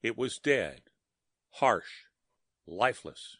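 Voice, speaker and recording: A man narrating a story in a measured, dramatic reading. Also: mid-range voice, animated, pushed and bright, no echo, studio quality.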